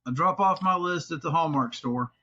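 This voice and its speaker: A man hosts a casual podcast chat in a fairly high voice, telling stories with profane, exasperated bursts. The recording has a slightly dull, lo-fi sound. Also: normal speed. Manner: animated, profane, jumps into loud exasperated outbursts. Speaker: podcast host.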